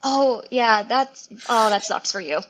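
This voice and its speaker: A woman's voice: on the high side, measured pace, a bit bright. Guest: woman from New Orleans way, raised voice, chatty, lots of "like", easy laugh over a video call. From New Orleans area, Louisiana. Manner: chatty, frequent "like" fillers, laughs often. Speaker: guest, mountain biker. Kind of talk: casual interview chat.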